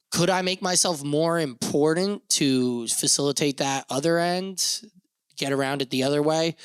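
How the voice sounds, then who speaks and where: A man's voice: on the high side, a bit bright, clear, resonant tone, dry recording. A young man hosting a solo podcast, rambling casually with lots of fillers and swearing. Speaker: podcast host.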